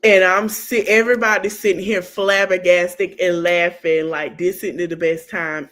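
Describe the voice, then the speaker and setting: A woman hosting a podcast, recapping a reality TV reunion in a sassy, animated gossip style that keeps breaking into laughter. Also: medium pitch, normal speed, few pauses. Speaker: podcast host.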